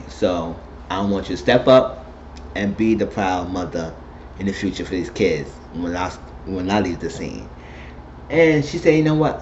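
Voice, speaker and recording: A man giving a casual, animated spoken recap of a TV episode, retelling scenes and quoting the characters. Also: sits low. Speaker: TV recap host. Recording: dull lo-fi recording with faint noise.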